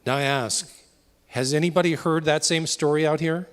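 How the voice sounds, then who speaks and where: A man's voice: a little high, steady tone, moderate pace, smooth. A man organizing a town hall, speaking earnestly to the audience and asking them questions. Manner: earnest, asks the crowd questions. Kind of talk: addressing the audience. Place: town hall meeting room. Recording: reverberant hall, faint crowd behind.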